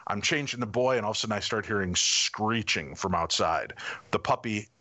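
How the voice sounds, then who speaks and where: A middle-aged man, a podcast guest, telling a personal story in a lively way and acting out what people said. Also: fairly low pitch, fairly quick. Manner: animated anecdotal storytelling, acting out quotes. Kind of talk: casual storytelling.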